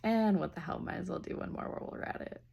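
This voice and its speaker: A woman giving a casual spiritual reading and leading slow breathing, talking loosely with fillers and the odd swear word. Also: lowish voice, vocal fry, dull audio. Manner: slows down and softens into near-whispers. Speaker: intuitive reader.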